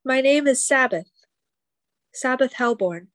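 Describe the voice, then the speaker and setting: A woman playing an anxious, polite teenage bard in a tabletop game, flustered and quick to apologize. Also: high-pitched, animated, a bit bright. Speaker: player.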